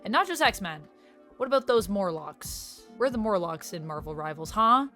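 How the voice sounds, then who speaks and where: A woman's voice: medium pitch, very animated, moderate pace, sharp tone, soft background music. A woman YouTuber chatting casually in a reaction vlog, gushing as a self-described fan.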